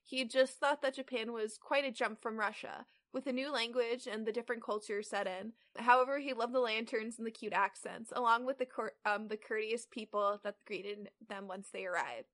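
This podcast co-host, a woman in her twenties, chats casually and reads fan fiction aloud, stumbling and hesitating as she goes. Her slightly high, somewhat bright voice moves at a moderate pace with few pauses.

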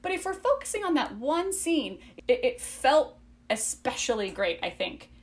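Young female co-host, chatty, a touch high-pitched, loose casual delivery. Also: sing-song, normal speed. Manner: chatty, fillers like "like". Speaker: book podcast co-host. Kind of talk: casual book discussion.

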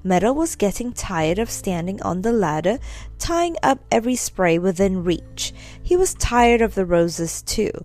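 A woman narrating a children's storybook with gentle, expressive reading. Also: mid-range voice, unhurried, soft background music.

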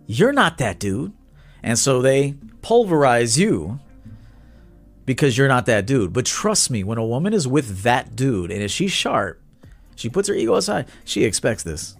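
A man's voice: medium pitch, big pitch swings, moderate pace, vocal fry, soft background music. A man, a dating coach talking bluntly and with swagger to viewers on a livestream.

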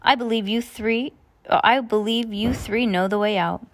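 A woman reading aloud and voicing a smooth, falsely sweet woman eye doctor who schemes against children. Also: a little high, normal speed, pitched above the performer's own voice, lightly acted. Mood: smooth, scheming.

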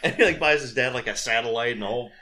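A man co-hosting a casual podcast chat, animatedly retelling movie scenes and slipping into quick voices for the characters. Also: mid-range voice, a crowd in the background. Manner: animated retelling with acted-out quotes. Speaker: podcast co-host.

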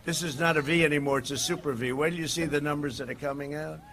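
Rally speaker, male, meandering delivery with punchy shouts and quiet asides, voice a touch high and cutting. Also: steady tone, fast. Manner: rambling, digressive, swings between shouting and muttering. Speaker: political candidate at a rally. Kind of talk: campaign rally speech. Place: outdoor rally.

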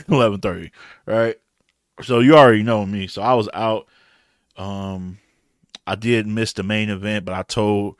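Low-voiced Detroit man recapping battles. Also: fairly bright tone, no echo, clean studio sound. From Detroit, USA. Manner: loose, rambling, slangy, frequent fillers. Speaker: battle rap reviewer. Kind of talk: casual recap monologue.

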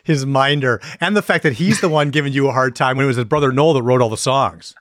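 A man's voice: medium pitch, fast talker, fairly bright tone, dry recording, clean studio sound. A man hosting a podcast and interviewing a guest in a playful, teasing way. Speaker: podcast host, musician. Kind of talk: casual interview chat.

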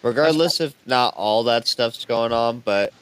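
A man's voice: medium pitch, unhurried, clean tone. A man co-hosting a casual podcast chat, with a crude, laid-back way of talking and sentences that trail off. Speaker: podcast co-host.

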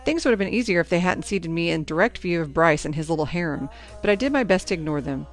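A woman reading a first-person teen novel aloud in a lively storytelling manner. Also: fairly low pitch, fast talker, faint music behind. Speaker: audiobook narrator.

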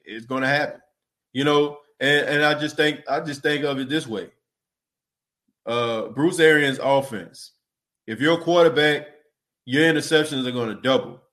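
A man with an ordinary, mid-pitched voice hosts a relaxed sports podcast. His talk is loose and conversational, full of repeated words and asides of "you know" and "man." He stops now and then to read out and answer comments from listeners. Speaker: podcast host.

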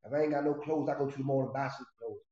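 A man's voice: medium pitch, steady tone, racing, mellow. A middle-aged man casually telling a story from his past, streetwise and profane, rambling with restarts. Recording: roomy, slightly dull recording.

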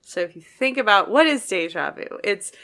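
Lively, bright-voiced woman podcaster. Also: mid-range voice, normal speed, gravelly. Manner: playful, laughs often, reads notes aloud. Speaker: podcast co-host quizzing her partner. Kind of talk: casual chat.

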